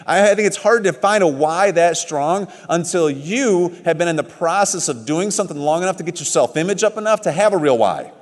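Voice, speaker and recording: Middle-aged male motivational speaker, slightly high voice, emphatic storyteller, big echoing hall. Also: animated, brisk, hardly any pauses. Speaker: motivational speaker at a business event. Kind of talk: motivational stage speech. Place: large event hall. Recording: long hall reverb.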